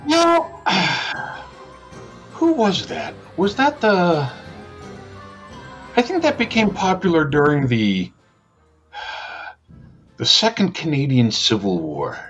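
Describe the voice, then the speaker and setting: A man's voice: sing-song, fairly bright tone, muffled recording, soft background music, full character voice. A man playing a cryptic, teasing stranger in his early thirties who treats time as a strange soup. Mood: musing. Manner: slow, lofty, teasing, with swooping pitch. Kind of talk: tabletop role-play in character.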